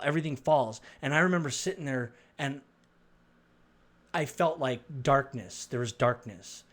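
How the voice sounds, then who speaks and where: A middle-aged man from Arizona telling a personal religious testimony, rambling and halting, with many restarts. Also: mid-range voice. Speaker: storyteller.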